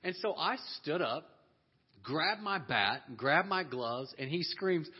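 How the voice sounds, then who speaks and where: A man telling a lively personal story to an audience, animated and laughing often as he acts out the people in it. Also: fairly high pitch, a little slow, husky. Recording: dull lo-fi audio.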